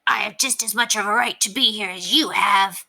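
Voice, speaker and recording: A woman's voice: mid-range voice, normal speed, gravelly, sharp tone, voice pushed up, heavily acted. A woman voicing a big territorial male dog that speaks in a haughty, threatening way in a read-aloud storybook.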